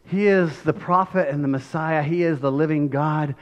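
A male pastor giving a conversational, animated sermon, often checking in with tag questions and acting out scenes. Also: fairly high pitch, normal speed.

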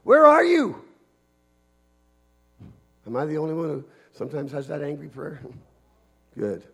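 A man's voice: a little high, normal speed, creaky, warm tone, slightly rough. A pastor from Canada preaching a sermon to his congregation, earnest and emphatic, leaning on repetition.

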